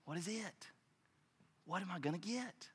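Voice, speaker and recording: Male preacher, passionate sermon delivery, bright, forceful tone, long reverb of a large church. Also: high-pitched, lively intonation, normal speed, husky. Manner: passionate, swings from loud declarations to hushed intensity.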